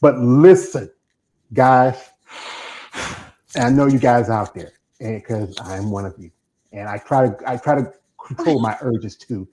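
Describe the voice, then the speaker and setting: A man's voice: medium pitch, measured pace, long pauses, dark tone, a little hiss or hum, low-quality recording. A man with a Northern US accent and a slight Southern twang, hosting an interview in a loose, rambling, chatty way. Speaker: interview host. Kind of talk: casual interview chat.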